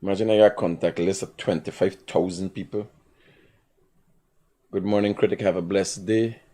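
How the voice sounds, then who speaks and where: A man's voice: deep voice, moderate pace. A man with a Guyanese Creole accent hosting a live stream, ranting and laughing in loose, rambling commentary. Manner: animated, ranting, bursts of laughter. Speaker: livestream host.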